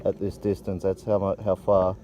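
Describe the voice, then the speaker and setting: Excitable man narrating outdoors. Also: low voice, normal speed, a little hiss or hum. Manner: excited, vivid retelling. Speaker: vlogger filming the tour. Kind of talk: casual walking tour commentary. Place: outdoors on a hillside battlefield.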